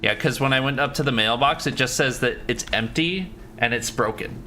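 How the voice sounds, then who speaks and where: A man's voice: medium pitch, moderate pace, bright, forceful tone, a little hiss or hum. A man streaming a horror game live, chatting casually with viewers, joking and swearing freely. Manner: loose, swears freely, jokey asides. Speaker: gaming livestreamer. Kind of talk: casual live game commentary, reading chat.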